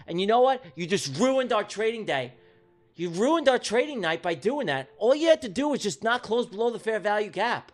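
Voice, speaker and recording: An animated, exasperated trading-stream host. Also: male voice, high-pitched, fairly quick, soft background music. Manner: exasperated, venting, profane. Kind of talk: live trading stream chat.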